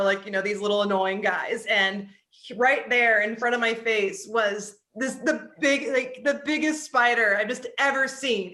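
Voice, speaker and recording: A woman with a bright, fairly high voice tells an anecdote as an interview guest. She is animated and drops "like" every few words. The sound is echoey, with a roomy ring around her. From East Coast of the United States. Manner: animated, frequent "like" fillers. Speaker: author and psychologist, interview guest. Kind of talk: casual storytelling in an interview.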